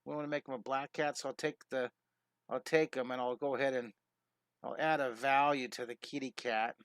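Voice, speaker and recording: Middle-aged male art teacher on a live stream, chatty and eager, bright tone, dry close sound. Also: medium pitch, steady tone, no room sound. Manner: enthusiastic, chatty, greets viewers, quick cat sound effects. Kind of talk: live-streamed drawing lesson.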